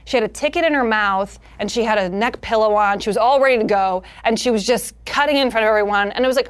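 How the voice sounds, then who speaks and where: A woman's voice: fairly high pitch, quick pace, few pauses, clean tone. A woman comedian in a casual interview, talking animatedly and slipping into character voices. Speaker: comedian guest.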